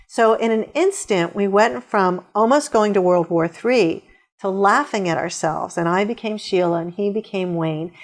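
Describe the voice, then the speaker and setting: A middle-aged woman answering interview questions with upbeat, storytelling advice. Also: mid-range voice. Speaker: guest author.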